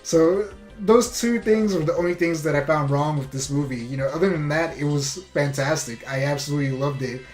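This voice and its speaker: A man with a slightly high voice gives a casual movie review, eager and loose, leaning on "you know" and "like". The room sounds echoey, with faint music under him. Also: fairly quick, few pauses, darkish tone. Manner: enthusiastic, full of "you know" and "like".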